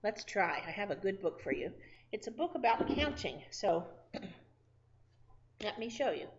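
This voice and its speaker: A woman preschool teacher leads a circle time lesson. She talks slowly and sing-song to small children. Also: mid-range voice, very animated, dull audio, slight background noise.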